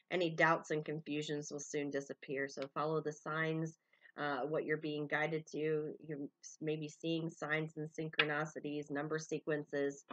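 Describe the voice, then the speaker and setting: A woman's voice: low-pitched, a bit bright, muffled recording. A woman giving a collective tarot love reading to her viewers. She meanders, calls out names and initials as they come to her, and fills her speech with "you know" and "um". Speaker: tarot reader.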